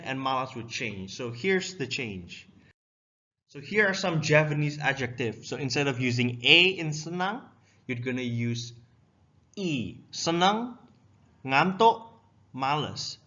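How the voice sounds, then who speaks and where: A young man teaches a casual language lesson, walking through words one at a time and reading each aloud. His voice is bright and forceful, at a middle pitch. The recording sounds dull and lo-fi. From Indonesia.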